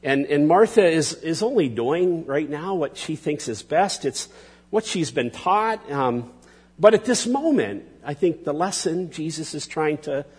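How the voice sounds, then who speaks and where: Halting pastor preaching in a reverberant hall. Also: male voice, fairly high pitch, animated, a little mellow, slightly rough. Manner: halting, restarts often, folksy asides to the congregation. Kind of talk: sermon.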